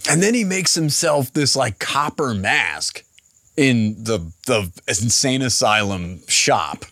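A man's voice: mid-range voice, lively intonation, slow pace, fairly bright tone, dry recording, studio quality. Profane, enthusiastic man in casual chat.

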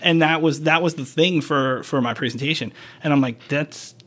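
A man's voice: fairly high pitch, brisk, fairly bright tone. A man working as a paramedic, chatting frankly on a podcast, swearing and acting out quoted dialogue as he tells his stories. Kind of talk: casual podcast chat, storytelling.

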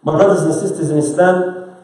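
A man's voice: fairly high pitch, steady tone, fairly quick, dark tone. Male preacher in an echoey room. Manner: conversational preaching with rhetorical questions to the congregation; quotes scripture in Arabic then explains it in English. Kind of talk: sermon.

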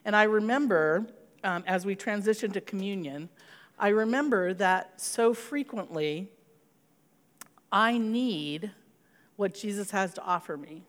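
A middle-aged woman pastor speaks at a mid-range pitch in an earnest, personal way. She shares stories and slips into prayer. Her voice rings with the long reverb of a church hall. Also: unhurried. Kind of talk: sermon.

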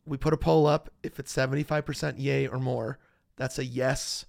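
A man hosting a podcast in relaxed, chatty conversation that often trails off into fillers. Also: medium pitch, moderate pace, vocal fry, no room sound, clean studio sound. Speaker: podcast host. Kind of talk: casual chat.

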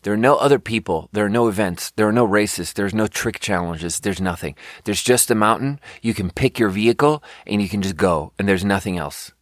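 A man's voice: on the low side, a little fast, few pauses, no echo, studio quality. A young adult man ranting in a casual podcast chat, exasperated and profane, rambling with many fillers. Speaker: podcast host. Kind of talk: casual rant.

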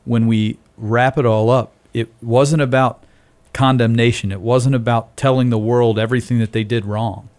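Guy reflecting on scripture in a casual podcast chat, measured, mid pitch. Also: fairly even intonation, darkish tone. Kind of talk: casual faith discussion.

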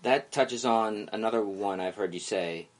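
A man interviewing a guest in a relaxed way, asking halting questions. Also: lowish voice, noisy background. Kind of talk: interview chat.

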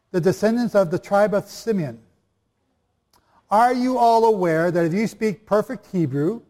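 A man's voice: sits high, mellow. A man preaching and teaching the Bible to a live audience, chatty and jokey, often quizzing the listeners. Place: hall before a live audience. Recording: long reverb of a large hall.

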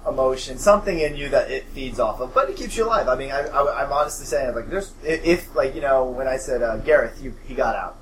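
A man hosting a podcast and game-mastering, recapping a session in a halting, rambling way with many restarts. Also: mid-range voice, lively intonation, a little hiss or hum, low-quality recording. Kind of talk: casual podcast chat.

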